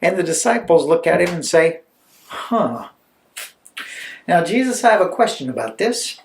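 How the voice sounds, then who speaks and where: A man preaching a storytelling sermon, animated and conversational, with chatty asides. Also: on the high side, a little fast, vocal fry, slight background noise. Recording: roomy echo.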